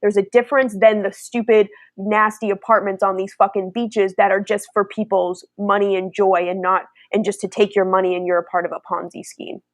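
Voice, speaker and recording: A woman's voice: medium pitch, little pitch movement, brisk, hardly any pauses, dry recording. A young woman hosting a casual spiritual chat, talking bluntly with lots of swearing and mocking impressions. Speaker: host.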